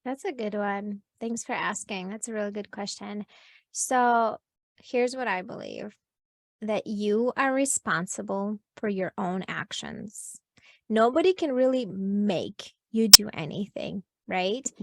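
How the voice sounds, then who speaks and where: A woman's voice: medium pitch, slow, vocal fry, dry recording. A woman coaching as an interview guest, explaining earnestly and filling her talk with "like" and "you know". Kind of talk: podcast interview advice.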